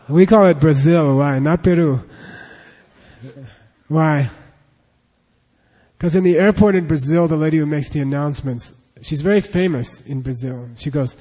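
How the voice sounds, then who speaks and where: This male language teacher, warm-toned and a bit slow with a voice on the high side, drills his class on pronunciation by patiently repeating syllables for them to echo. Long hall reverb colors the sound.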